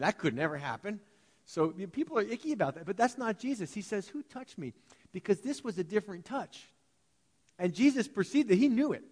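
A male pastor delivers a sermon in an animated, conversational manner. He slips into quick acted-out voices while he tells the story. His voice sits a little high, and it rings with the long reverb of a church hall. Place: church sanctuary.

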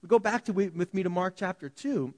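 A man preaching a sermon to his congregation, telling stories in an animated way and acting out the voices of the people in them. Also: high-pitched, a little fast. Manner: animated storytelling, acts out quoted voices. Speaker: pastor. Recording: long hall reverb.

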